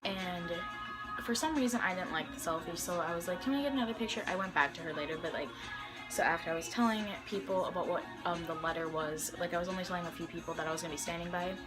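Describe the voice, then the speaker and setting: A woman's voice: lowish voice, quick pace, over music. A young woman vlogger telling a personal story in a casual, chatty way, full of fillers and quoted dialogue.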